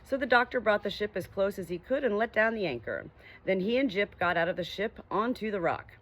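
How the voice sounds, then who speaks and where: A woman reading a children's story aloud with gentle, expressive narration. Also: medium pitch, brisk. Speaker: audiobook reader.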